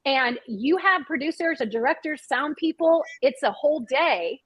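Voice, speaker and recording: A woman's voice: sits high, animated, normal speed, a bit bright, no echo, rough recording. A middle-aged woman, a guest author and screenwriter, chatting animatedly in an interview and often repeating words. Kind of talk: casual interview chat.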